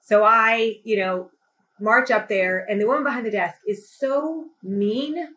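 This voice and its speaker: A woman's voice: a little high, measured pace, a bit bright, rough recording. A woman who is a healthcare executive guest, telling a story in conversation with emphatic, impassioned intensity.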